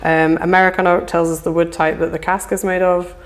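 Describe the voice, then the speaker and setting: Chatty woman explaining whisky, low-pitched. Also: level tone, a little fast. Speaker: whisky brand representative. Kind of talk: casual conversational interview.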